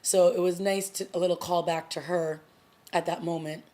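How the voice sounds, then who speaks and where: Chatty woman with a low voice recapping TV. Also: steady tone, moderate pace, dark tone. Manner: chatty, filler-heavy retelling with frequent "like" and "you know". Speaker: TV review vlogger. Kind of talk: casual episode recap and review.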